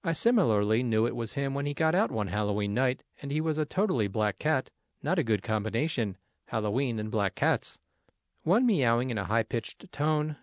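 Male reader for a first-person essay: earnest, gently humorous, animated pitch, dry close sound. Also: no echo. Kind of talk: reading a personal essay aloud.

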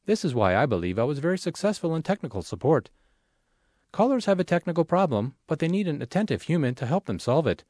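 A man reading a magazine article aloud in a measured, expressive way, as scripted narration. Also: medium pitch, no echo, studio quality.

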